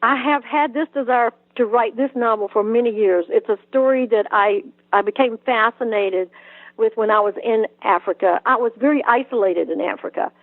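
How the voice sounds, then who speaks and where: An older woman from South Georgia with a Southern accent, telling stories as an interview guest, lively and full of restarts. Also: fairly high pitch, moderate pace, dry recording. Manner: animated storytelling, frequent restarts and laughs. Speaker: author guest. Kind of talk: conversational interview. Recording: tinny phone-like line, dry.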